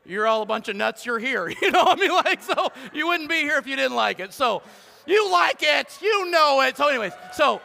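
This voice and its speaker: A middle-aged man, preaching a lively, joking sermon as pastor and swinging between loud calls and hushed asides. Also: extremely high pitch, moderate pace, vocal fry, slight background noise. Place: church sanctuary. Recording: long hall reverb.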